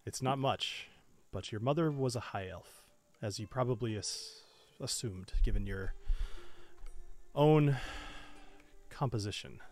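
A man voicing a secretive female dragon in human form, calm and guarded in a tabletop game. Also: lowish voice, voice pushed down. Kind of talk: tabletop game role-play.

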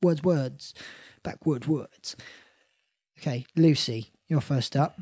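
Slow, husky male game host. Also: no room sound. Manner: slow, lively pitch, laughs often. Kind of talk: playful game-show chat.

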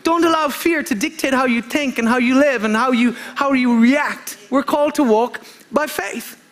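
A man's voice: very high voice, moderate pace, a bit bright. A male preacher giving a fervent sermon, calling out for amens and often repeating himself and restarting his sentences. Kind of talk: impassioned sermon.

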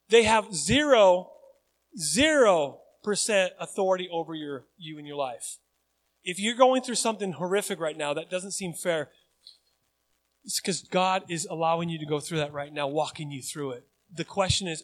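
A male pastor preaching a sermon in a church, acting out desperate cries and then dropping to quiet reflection. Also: high voice. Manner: animated, acts out pleading cries then drops to quiet reflection.

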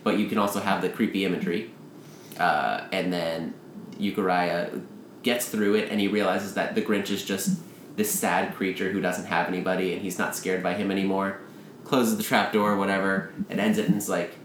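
A man in casual chat who rambles through a story pitch and acts out the characters' lines in quick asides. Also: little pitch movement, echoey room, a little hiss or hum.

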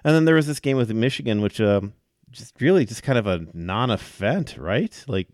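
A man co-hosting a casual sports podcast, telling events in an animated way with many fillers. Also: medium pitch, moderate pace, no room sound, studio quality. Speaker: podcast co-host.

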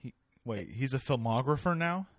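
A man's voice: medium pitch, lively intonation, normal speed, no echo. A man hosting a podcast in casual comedic chat, joking, swearing and rambling. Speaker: podcast host.

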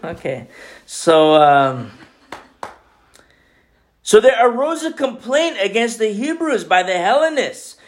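A man's voice: sits high, very animated, slow pace, long pauses. A man preaching a casual sermon as a pastor, chatty and joking, with many restarts and fillers, in a small home church room. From Peru.

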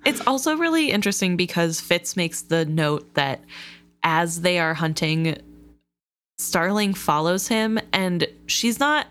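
A woman's voice: on the low side, expressive, a little slow, fairly bright tone, smooth. A woman co-hosting a casual book discussion, talking things through in a thoughtful, analytical way with an occasional laugh. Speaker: book podcast co-host.

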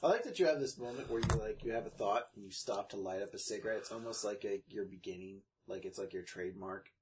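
A man's voice: fairly low pitch, quick pace, a little mellow, a little hiss or hum. A man co-hosting a casual comedy podcast, laughing often and acting out quoted voices as he tells stories. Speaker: podcast co-host.

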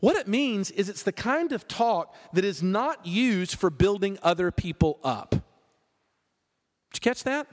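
A man preaching a sermon as pastor, conversational and animated, with jokes. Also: high-pitched, measured pace, in a large hall, a little hiss or hum.

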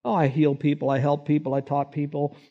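A male preacher voicing a calm, patient Jesus recounting plainly and gently. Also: fairly high pitch, quick pace, highs cut off, natural voice.

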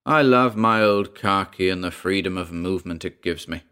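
Man voicing a big rugged outdoorsman, gruff, growling, low voice, storybook reading. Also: normal speed, sharp tone.

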